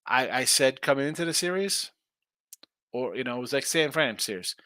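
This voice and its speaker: A brash, fast-talking man runs a sports betting live stream, sarcastically reading out chat messages. His mid-range voice has lively intonation and sounds pushed and bright, recorded at studio quality with no echo.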